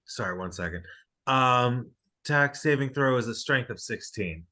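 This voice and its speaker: A man playing a tabletop game, speaking haltingly and apologizing while he looks up a spell. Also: medium pitch, lively intonation, sharp tone. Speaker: player. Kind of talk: casual tabletop game chat.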